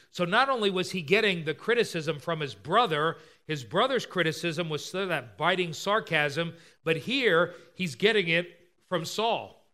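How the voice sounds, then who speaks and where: Guy preaching a sermon, high bright voice, walks thru scripture and acts out the lines. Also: animated, measured pace.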